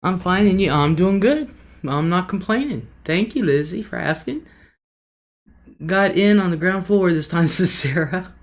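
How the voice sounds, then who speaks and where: A woman's voice: on the low side, lively intonation, measured pace. A middle-aged woman hosting a casual livestream, chatty and homey, greeting viewers by name and laughing often. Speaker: livestream host.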